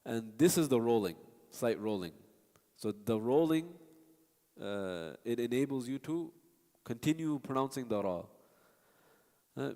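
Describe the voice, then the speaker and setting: A man's voice: mid-range voice, lively intonation, slow pace, long pauses, a little mellow. A man teaching a recitation class, explaining patiently and stopping to demonstrate sounds and answer students. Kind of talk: classroom teaching with spoken examples. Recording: long hall reverb.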